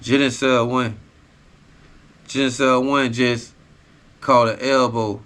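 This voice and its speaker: A man's voice: medium pitch, little pitch movement, slow, fairly bright tone. A man hosting a podcast, telling a personal story in a raw, profane, casual street style. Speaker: podcast host.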